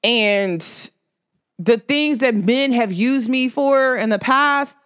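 A woman hosting her podcast, talking casually about spirituality and telling a personal story in an animated way, full of "like". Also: a little high, slow, clear, resonant tone. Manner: animated storytelling, filler-heavy with frequent "like". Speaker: podcast host.

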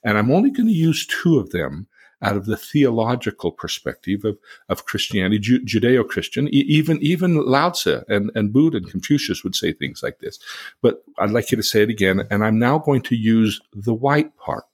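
A man's voice: lowish voice, animated, normal speed, breathy edge. A middle-aged man, a podcast co-host, explaining ideas in an earnest teaching manner and sometimes acting out angry outbursts. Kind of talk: conversational teaching talk.

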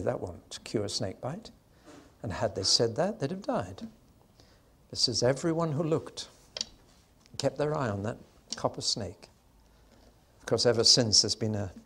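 An older man giving a sermon-style Bible teaching, telling the story with emphasis and slowing down on key points. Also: mid-range voice. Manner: storytelling, emphatic, slows for weight.

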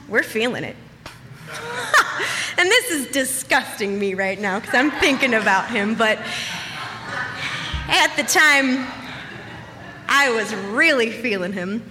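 Recounting a personal story, a young woman speaks in a high voice, casual and animated, cursing frequently and performing frantic quoted lines. She's in a large hall, and there's a slight hiss or hum in the recording.

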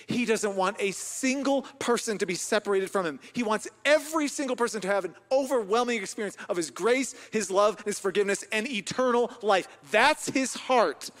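A man pastor preaching a sermon with passion, dropping to near a whisper and then rising to loud emphasis. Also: high voice. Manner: impassioned, swings from hushed to loud. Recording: long reverb of a large hall.

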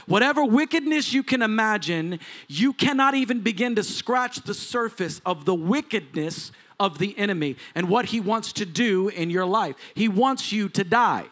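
A man preaching a sermon in a church, his voice pitched high. He builds in intensity and turns to the congregation with questions and asides. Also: animated, moderate pace, a bit bright. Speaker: lead pastor. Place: church sanctuary before a congregation.

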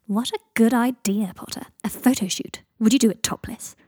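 A woman voicing a brash, scheming young witch, loud and gleeful. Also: fairly high pitch, moderate pace, slightly rough, dry recording, clean studio sound.

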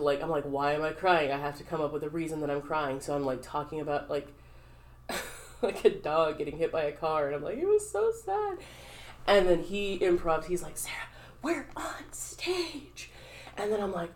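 Young woman, podcast co-host, rambling casual storyteller, lowish voice, lots of fillers. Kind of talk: casual chat.

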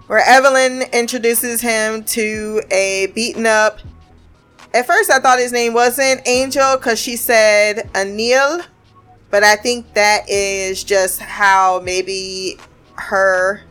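A woman's voice: a little high, fairly bright tone, clean tone. A woman giving a casual, blunt and sarcastic review of a TV show, swearing freely as she recaps the episode.

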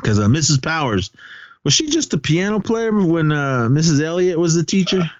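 A man's voice: on the high side, very animated, moderate pace, dry recording, dull audio. A man co-hosting a podcast, casually retelling a film's scenes in a rambling way, acting out quoted lines. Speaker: podcast co-host. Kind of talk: casual movie recap chat.

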